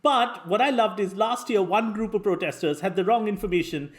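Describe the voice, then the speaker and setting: A man's voice: high voice, brisk. A man from India, a guest comedian, telling wry funny stories on a panel and laughing at his own punchlines.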